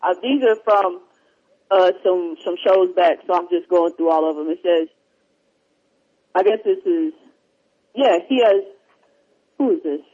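A man's voice: sits high, measured pace, pauses often, a little mellow, husky. A man hosting a talk show in casual chat, reading listener emails in a rambling, easily distracted way. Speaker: podcast host. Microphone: headphones, remote line. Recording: dull lo-fi sound.

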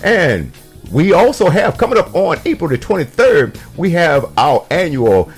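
A man hosts a radio segment, calling out to the folks in a playful preacher style. His voice sits at an ordinary pitch, with faint music underneath. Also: very animated, unhurried, breathy edge. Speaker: radio host. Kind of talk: mock church announcements on radio.

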